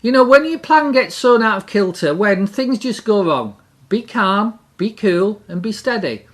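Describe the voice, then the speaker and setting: At a measured pace, a middle-aged person delivers a lively devotional message in a mid-range voice. Important phrases come back again and again to drive the point home.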